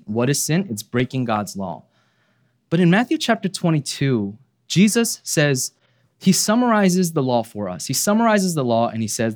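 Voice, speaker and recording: A man preaching a sermon as pastor, earnest, posing rhetorical questions and dropping his voice low to land key points.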